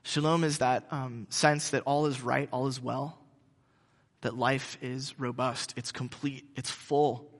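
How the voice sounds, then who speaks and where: A male pastor giving a conversational sermon, halting with frequent restarts. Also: medium pitch, steady tone, in a large hall.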